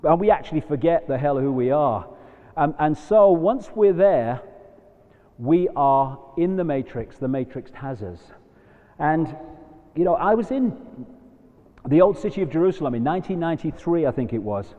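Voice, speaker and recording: A man giving a live talk to an audience, animated and shifting between quiet asides and loud emphatic points. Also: on the high side, moderate pace. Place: large hall, live audience. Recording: dull lo-fi live hall recording with long reverb.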